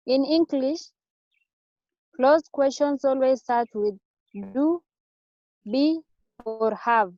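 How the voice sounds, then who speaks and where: A woman student reads aloud in class in a high voice, slow and careful. The recording sounds dry and a little dull, lo-fi. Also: warm tone, no echo. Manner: slow, careful reading, hesitant pronunciation.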